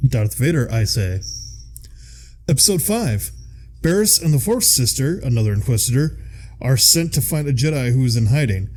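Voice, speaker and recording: A man's voice: mid-range voice, animated, fairly quick, darkish tone. A man with a Midwestern American accent, chatting casually as a podcast co-host and reading out episode summaries. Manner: casual, laughs often, curses freely.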